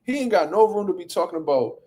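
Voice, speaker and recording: A man hosting a boxing talk show, chatting casually in a blunt, profane, animated way. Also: high voice, quick pace. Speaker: boxing podcast host. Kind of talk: casual chat.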